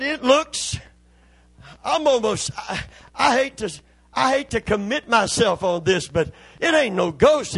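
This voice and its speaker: A man's voice: sits high, fairly bright tone, slightly rough, dry recording. A man preaching a sermon as pastor, folksy and impassioned.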